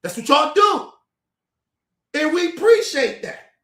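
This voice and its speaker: Here the commentator's voice is extremely high and a bit bright, with big swings in pitch, yet his pace stays measured. He curses through a heated rant aimed at the camera, tripping over and repeating his words, all in an echoey room.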